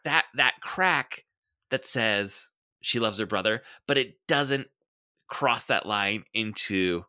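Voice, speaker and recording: Guy on a podcast, really bright punchy voice, laughs a lot, dry mic. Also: fairly low pitch, lively intonation, slow, no echo. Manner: enthusiastic, laughs often, trails off searching for words. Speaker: podcast guest. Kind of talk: casual chat.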